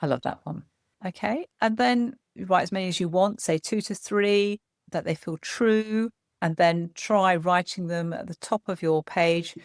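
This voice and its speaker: Woman therapist, slightly gravelly, dry close mic, gentle explainer. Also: on the low side, unhurried, no echo. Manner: gentle, explanatory, frequent "as well". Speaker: psychotherapist guest. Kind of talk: podcast conversation giving practical tips.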